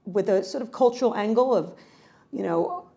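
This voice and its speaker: Middle-aged woman, from New York, researcher, chatty interview answers, quick self-corrections. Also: medium pitch, gravelly. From New York, United States. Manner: animated, frequent self-corrections and restarts. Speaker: cultural psychology researcher.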